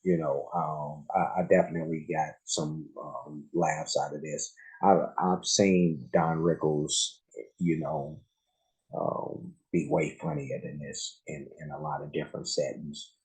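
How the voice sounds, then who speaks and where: A man's voice: a bass voice, little pitch movement, measured pace, a little mellow, poor audio. A man hosting a reaction video, talking loosely with lots of fillers and slang. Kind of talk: casual reaction commentary.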